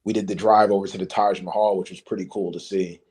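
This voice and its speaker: A man with a fairly low voice calling in to a livestream. He talks in an easygoing, unhurried way and fills his pauses with ums. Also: slightly rough. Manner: relaxed, easygoing, with many ums. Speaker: guest caller. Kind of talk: casual storytelling.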